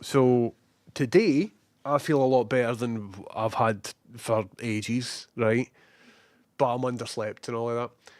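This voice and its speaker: A young Scottish man chats away on a live stream, greeting his viewers one by one. His voice is a touch hoarse from a cold, and the sound is close and dry with no room echo. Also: mid-range voice, fairly even intonation, slow pace. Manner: chatty, greets viewers warmly by name. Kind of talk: casual live-stream chat.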